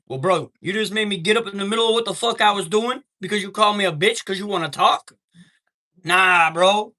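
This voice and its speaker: A man's voice: sits high, a little fast, sharp tone. A man hosting a live stream, telling a heated story in a profane, streetwise way and greeting viewers from chat.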